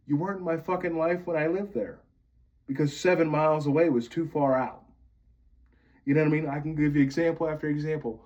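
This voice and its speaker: A man's voice: fairly high pitch, steady tone, brisk, a little mellow, muffled recording. A man from Pennsylvania venting bitterly to camera, swearing often as he rants. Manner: bitter, profane ranting. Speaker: vlogger.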